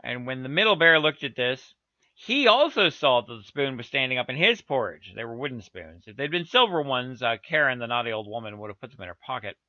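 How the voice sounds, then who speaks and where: A man's voice: medium pitch, big pitch swings, brisk, sharp tone, dry recording. A man reading a children's story aloud with playful asides to his listeners. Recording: dull, dry lo-fi recording.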